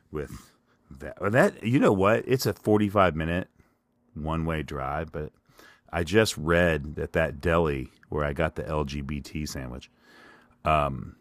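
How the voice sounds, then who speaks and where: A man's voice: a bass voice, no echo. A middle-aged man hosting a solo podcast, rambling casually in a self-deprecating stream of consciousness. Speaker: podcast host.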